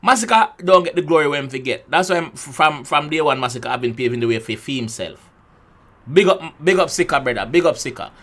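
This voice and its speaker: A Jamaican man hosting a casual music reaction, excitable, often repeating words and restarting. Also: fairly high pitch, a little fast.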